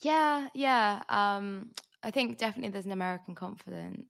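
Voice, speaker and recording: A woman's voice: medium pitch, lively intonation, moderate pace, vocal fry, a bit bright. A woman author as an interview guest, chatty and thoughtful with many fillers. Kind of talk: casual interview chat.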